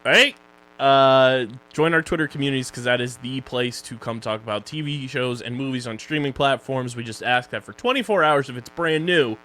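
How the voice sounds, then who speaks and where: A man with a Philadelphia accent co-hosting a casual podcast, joking and running quickly through plugs and sponsor reads. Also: medium pitch, fairly bright tone, rough recording. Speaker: podcast co-host.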